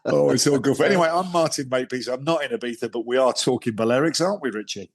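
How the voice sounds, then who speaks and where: A man's voice: medium pitch, fast talker. A man hosting a casual podcast over a remote call, joking and teasing his co-host and saying "mate" a lot. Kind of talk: casual chat.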